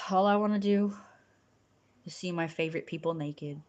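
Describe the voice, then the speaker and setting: A woman's voice: normal speed, long pauses. Rambling woman livestreaming on a phone. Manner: rambling, mock-grandiose, swings into loud high-pitched outbursts. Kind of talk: casual livestream monologue.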